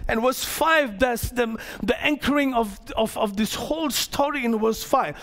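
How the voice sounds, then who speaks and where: A man preaching a sermon as pastor to his congregation, animated, acting out the characters of the story and joking with the crowd. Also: high voice, moderate pace, hardly any pauses. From Malaysia. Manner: playful asides to the congregation.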